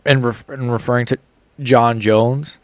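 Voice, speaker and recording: Young male streamer with hiccups, casual slangy chat, close dry mic, mid pitch. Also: fairly even intonation, measured pace, no room sound. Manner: reads chat aloud, laid-back slangy banter. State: has the hiccups. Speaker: streamer reacting live to fights.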